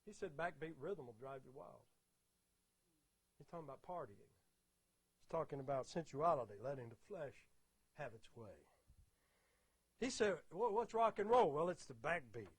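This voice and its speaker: A man's voice: mid-range voice, lively intonation, moderate pace, long pauses, slightly rough. A man giving an explanatory talk about rhythm. He repeats key words emphatically and counts out beats aloud. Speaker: music teacher giving a talk.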